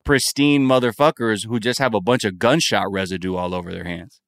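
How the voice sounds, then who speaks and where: A man's voice: fairly low pitch, fairly quick, no echo, clean studio sound. A man co-hosting a podcast in casual chat, swearing freely and acting out quoted voices. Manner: profane, animated, acts out quoted voices. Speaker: podcast co-host.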